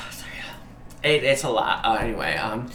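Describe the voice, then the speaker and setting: A man giving a tarot reading, hesitant and earnest, often pausing to search for words and apologizing. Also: mid-range voice, lively intonation, vocal fry, a bit bright. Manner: earnest, emotionally moved. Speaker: tarot reader. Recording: roomy echo, faint background noise.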